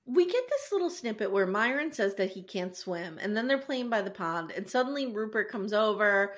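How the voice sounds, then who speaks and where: A woman with a mid-range voice and normal speed co-hosts a podcast, recapping a show in casual chat. An adult with children, she tells the story animatedly, laughing and swearing freely.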